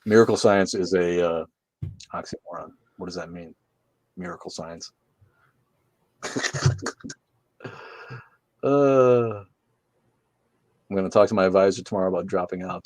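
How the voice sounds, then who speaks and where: Sarcastic, swearing livestream host. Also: male voice, low voice, normal speed, long pauses, darkish tone, no echo. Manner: sarcastic, joking, swears freely. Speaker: livestream host reading chat comments. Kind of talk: casual profane livestream chat. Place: his room.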